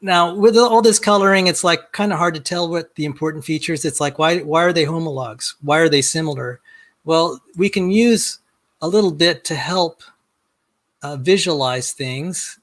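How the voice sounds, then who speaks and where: A middle-aged man walking through a software demo on a video call, rambling and self-deprecating, often repeating words as he starts a sentence. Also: a little high, moderate pace. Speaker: guest. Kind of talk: casual screen-share demo chat.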